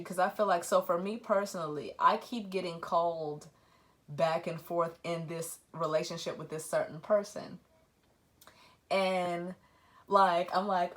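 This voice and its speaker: A woman tarot reader talking casually about spirituality, acting out her own thoughts in animated quoted asides. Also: lowish voice, measured pace.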